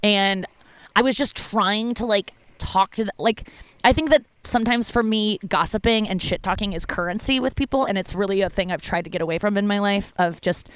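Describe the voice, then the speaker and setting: A woman's voice: fairly quick, smooth, no room sound. A woman comedian telling a personal story in casual monologue. She is candid and profane, with lots of "like" fillers. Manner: animated when quoting people, with big pitch jumps. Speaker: stand-up comedian.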